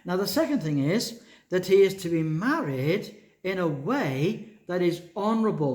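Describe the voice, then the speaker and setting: A man's voice: high voice, lively intonation, moderate pace, a little mellow. Man, pastor, sermon, explains scripture, questions the congregation, echoey church.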